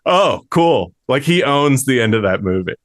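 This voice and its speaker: Male co-host, mid-pitched, dry close-miked sound, rambles with fillers. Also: animated, fairly quick, no room sound. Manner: rambling, many fillers and restarts. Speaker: podcast co-host. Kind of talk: casual chat.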